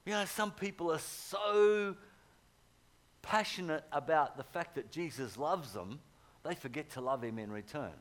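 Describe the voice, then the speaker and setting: A middle-aged pastor preaching a sermon, telling stories with animated swings from loud urging to hushed tones. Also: male voice, fairly high pitch, a little slow.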